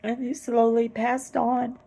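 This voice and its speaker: A woman earnestly retelling a vivid dream in a slow, halting way, close to tears at times. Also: fairly high pitch, level tone, vocal fry, dark tone, rough recording. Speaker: vlogger telling a dream. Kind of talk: personal storytelling.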